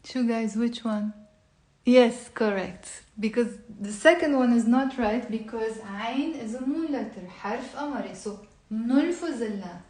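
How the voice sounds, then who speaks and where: A woman teaching an online language lesson, repeating words slowly and patiently. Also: on the high side, a little mellow, heavy reverb, distant mic.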